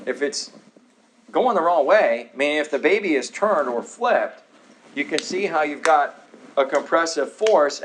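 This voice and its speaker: Male teacher, thirties, slightly high voice, live lecture style with wisecracks aimed at the audience; faint background noise. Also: fairly bright tone, rough recording. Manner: joking, sarcastic asides to the audience. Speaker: chiropractor teaching a health class. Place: office classroom.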